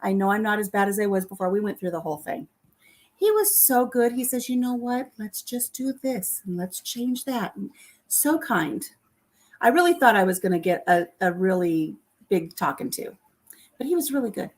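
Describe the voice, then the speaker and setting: A middle-aged woman vlogs from her home kitchen in a medium-pitched voice with big pitch swings at a moderate pace. She tells self-deprecating stories to live viewers in a chatty way, laughing often.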